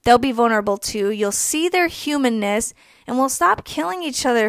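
A young woman co-hosting a podcast speaks with a fairly high, lively voice at normal speed, with no room sound. She rants emphatically through a heated personal monologue, swearing freely and laughing between her points.

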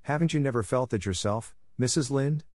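A man's voice: medium pitch, a little fast, a little mellow, no echo, clean studio sound, voice pushed up, lightly acted. A man voicing an eager, dramatic young girl who talks in an earnest, impulsive, pleading way.

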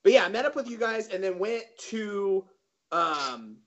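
Young guy, high voice, kinda hesitant, lots of ums, muffled lo-fi sound. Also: lively intonation, a bit bright, slight background noise. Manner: unhurried, hesitant, many ums. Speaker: podcast co-host. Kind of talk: casual storytelling among friends. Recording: muffled lo-fi podcast audio.

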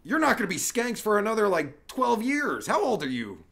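A man's voice: high-pitched, huge pitch swings, normal speed, creaky, fairly bright tone. A male livestream host giving crude, profane, rambling commentary while chatting with strangers online.

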